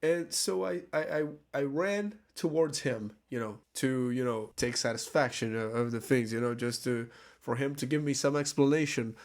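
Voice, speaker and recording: A man's voice: medium pitch, fairly even intonation, moderate pace. Rambling, profane male storyteller. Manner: rambling and profane, with frequent laughs and restarts. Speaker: vlogger. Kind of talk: casual storytelling.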